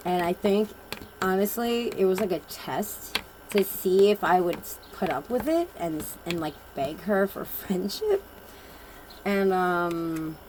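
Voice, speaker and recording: A woman's voice: on the low side, a little mellow, a little hiss or hum, rough recording. A woman giving a casual oracle card reading, telling personal stories in a blunt, rambling and emphatic way.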